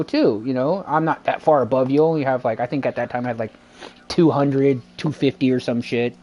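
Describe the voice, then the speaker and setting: A man's voice: mid-range voice, fairly quick, darkish tone, lo-fi sound. A man streaming a game, chatting casually and rambling through a retold argument, quoting both sides and swearing freely. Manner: rambling, retells a dispute with lots of quoted back-and-forth. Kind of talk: casual live-stream chat.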